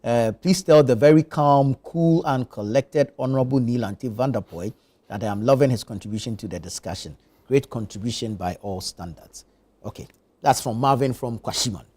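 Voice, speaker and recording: Mellow-voiced male morning host. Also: mid-range voice, moderate pace. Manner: reads viewer messages, brief affirming murmurs. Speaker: news review host. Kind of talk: morning show panel moderation. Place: TV studio.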